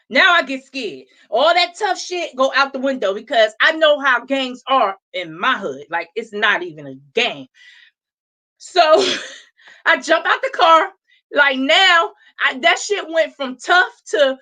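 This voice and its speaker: A woman in her thirties tells a story in a casual way, laughing often and acting out each person's lines. Her voice is bright and clear and sits somewhat high. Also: a little slow. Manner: animated, laughing, acts out quoted voices. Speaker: host.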